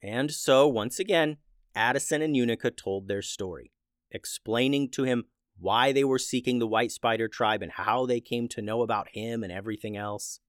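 A man narrating a children's adventure story in a steady, plain way. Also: medium pitch, normal speed, clean tone, no room sound, clean studio sound.

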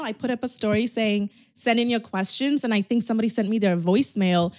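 A woman's voice: medium pitch, fast, few pauses, darkish tone, dry recording, studio quality. A woman in her twenties hosting a podcast, chatting casually and animatedly, swearing and laughing often. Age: 20s. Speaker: podcast host. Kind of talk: casual chat.

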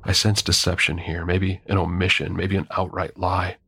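Deep, gravelly horror story narrator, man. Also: little pitch movement, sharp tone. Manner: measured, grim storytelling.

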